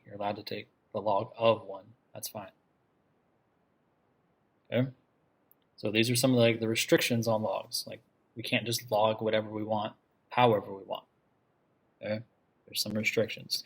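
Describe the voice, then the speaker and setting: A man's voice: on the low side, level tone, normal speed, long pauses, husky. A man teaching a math class, explaining step by step and often stopping to ask "okay?" to check that his students follow. He asks the class questions and repeats the key ideas. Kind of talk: classroom lecture.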